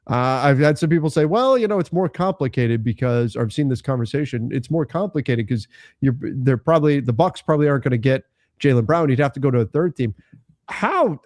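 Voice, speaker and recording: A man co-hosting a casual basketball podcast, talking in an animated, teasing way. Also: fairly high pitch, no echo, studio quality. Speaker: co-host.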